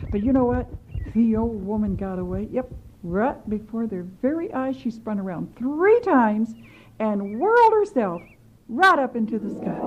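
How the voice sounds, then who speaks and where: Animated woman telling a kids' story. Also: a little high. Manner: animated, chatty asides to kids. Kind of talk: children's storytelling. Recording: slightly muffled with faint hiss.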